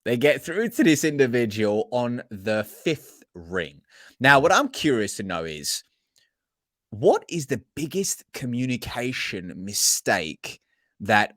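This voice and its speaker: A man hosting a podcast interview, asking questions and building scenarios in an animated, emphatic way. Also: mid-range voice, a little slow, dry recording, studio quality. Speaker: podcast host.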